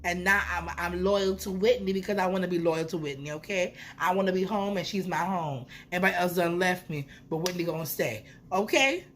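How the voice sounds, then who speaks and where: A woman's voice: on the low side, a little fast, hardly any pauses, slight background noise. A young woman, telling a playful storytime vlog with swearing. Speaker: vlogger. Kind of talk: casual storytime.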